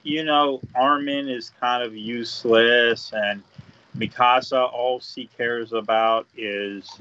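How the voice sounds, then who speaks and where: A man co-hosting a casual podcast, talking slowly and hesitantly with many fillers. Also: mid-range voice, steady tone, sharp tone, clear, resonant tone. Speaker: podcast co-host. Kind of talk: casual review chat. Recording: dull lo-fi sound.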